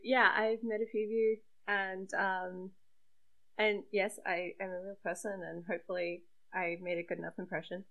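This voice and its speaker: A woman's voice: mid-range voice, little pitch movement, moderate pace, narrow, tinny audio. Young woman, casual podcast guest-regular, chatty and self-deprecating, mid-range voice. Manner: chatty and self-deprecating, many fillers and laughs. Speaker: webcomic creator and site regular.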